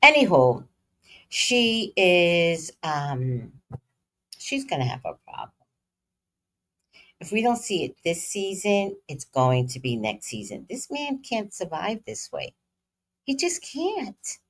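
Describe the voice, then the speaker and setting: Deep husky new york woman, blunt and cussing, super lively up and down. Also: slow pace, long pauses. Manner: blunt, profane, animated storytelling. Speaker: vlogger. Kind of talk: casual storytelling commentary.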